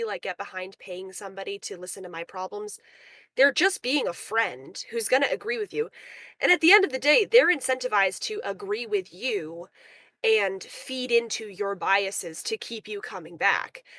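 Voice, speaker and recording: A young woman calling into a livestream, telling an animated story and acting out the people in it. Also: medium pitch, no echo. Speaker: caller. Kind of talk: casual chat. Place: remote call into a livestream. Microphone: call audio.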